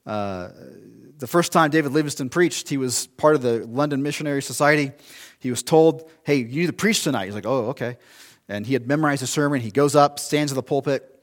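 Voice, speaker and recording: A man's voice: medium pitch, a little fast. A male pastor preaching a sermon in a conversational, storytelling way, with asides and restarts.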